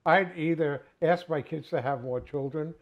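A man's voice: on the high side, moderate pace. Older man, host, hesitant, stumbling, slightly dull recording. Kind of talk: casual panel chat.

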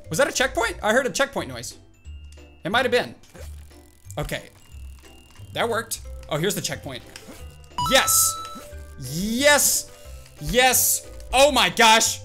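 A man giving live commentary while playing a video game, excitable and reactive, bursting into yelps and shouts. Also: high voice, normal speed, long pauses, faint music behind. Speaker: gaming channel host.

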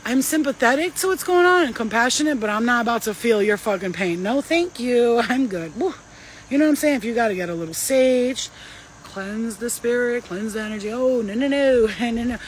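A woman's voice: a little high, fairly quick, slight background noise, low-quality recording. Emphatic, profane woman giving spiritual advice. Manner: emphatic, profane, slangy and animated. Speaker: spiritual healer. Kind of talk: casual spiritual advice talk.

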